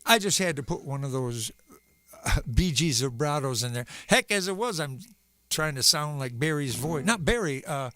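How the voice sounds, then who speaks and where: A man with a high, bright voice talks to his live-stream viewers between songs. He rambles from story to story and often stops to search for the right word. He sounds like a singer-songwriter chatting casually in his home studio. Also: lively intonation, normal speed, no room sound. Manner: rambling, searching for words with many fillers.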